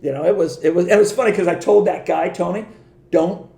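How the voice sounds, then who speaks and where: A man in his sixties, a podcast guest from Southern California, telling animated stories in casual chat with lots of restarts. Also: sits high, fast talker, creaky, roomy sound. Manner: animated anecdotes with many restarts and quoted voices.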